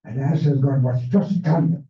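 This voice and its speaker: A man's voice: medium pitch, steady tone, dull audio. Older Hungarian-accented man in an echoey hall. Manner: measured storytelling with non-native grammar. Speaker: Holocaust survivor speaker. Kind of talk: personal testimony talk. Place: library event room. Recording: echoey, distant, phone-thin sound.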